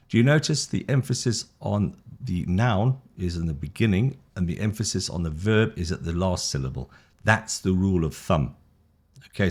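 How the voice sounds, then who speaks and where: A middle-aged man with a British accent and a low, deep voice teaches an English lesson as if to a single student. He is enthusiastic and rambling, stumbles over his words, and makes fun of his own slips. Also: a little mellow, husky. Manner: rambling, gets tongue-tied, self-deprecating. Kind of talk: casual one-to-one style English lesson.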